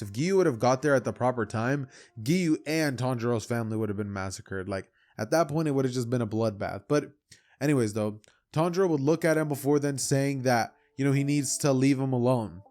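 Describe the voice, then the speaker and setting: A man's voice: medium pitch, a little fast. Young guy telling a fan story, chatty and rambling, bit of music behind. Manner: rambling, animated retelling with asides. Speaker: YouTuber. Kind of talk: casual fan-fiction storytelling.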